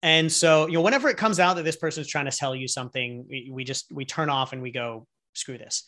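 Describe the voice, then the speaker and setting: A man's voice: a little high, fast talker. A man, a guest entrepreneur and coach, talking casually in an interview and acting out little scenes as he explains. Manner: animated storyteller who acts out little scenes.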